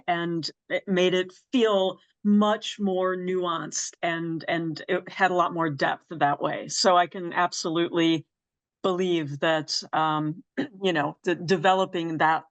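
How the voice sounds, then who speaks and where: Speaking slowly in a lowish voice with fairly even intonation, this female podcast host chats casually with a guest. She asks questions and listens warmly, affirming often and offering plenty of mm-hmms.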